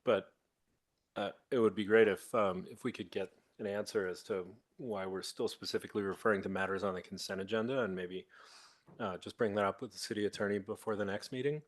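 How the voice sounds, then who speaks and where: Low-voiced guy on a city board, halting, questioning procedure. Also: fairly even intonation. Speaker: board trustee. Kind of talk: procedural meeting talk. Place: city board meeting room.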